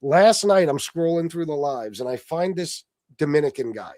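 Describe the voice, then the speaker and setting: A man's voice: on the high side, expressive, moderate pace, a little mellow, no room sound, clean studio sound. A man hosting a casual livestream, telling a story with lots of swearing and laughter and answering his chat. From Sicilian heritage. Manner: profane, laughing storyteller, reads chat aloud. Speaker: livestream host.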